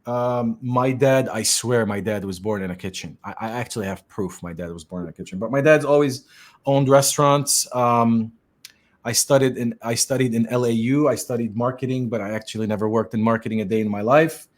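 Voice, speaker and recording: A man's voice: mid-range voice, brisk. A middle-aged man from Lebanon, hosting a podcast and chatting in an easygoing way, with lots of fillers and restarts. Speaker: podcast host and tech consultant. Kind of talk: casual podcast chat.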